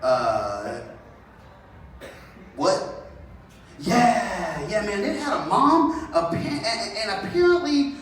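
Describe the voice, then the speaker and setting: A man in his thirties doing solo stand-up storytelling in a theater, profane, rambling and animated. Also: sits high, slow, pauses often, slight background noise. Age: 30s. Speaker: comedian. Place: theater stage. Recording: echoey theater from a distance.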